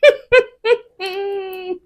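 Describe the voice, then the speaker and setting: A woman's voice: very high voice, extremely slow. A woman giving casual, passionate commentary as a vlogger, emphatic and sometimes dropping to a near whisper.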